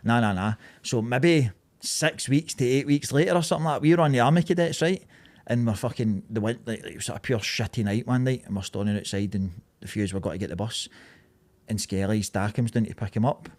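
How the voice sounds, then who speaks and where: A man's voice: medium pitch, a little fast. A man in his thirties with a Glaswegian accent, telling stories in casual podcast chat, swearing and laughing freely. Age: 30s. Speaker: podcast co-host.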